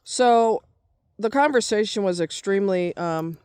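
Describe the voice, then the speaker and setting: A woman's voice: medium pitch, lively intonation, normal speed, no echo. Angry, cussing middle-aged woman ranting. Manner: heated, profane, repetitive ranting. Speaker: vlogger. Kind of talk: angry vlog rant.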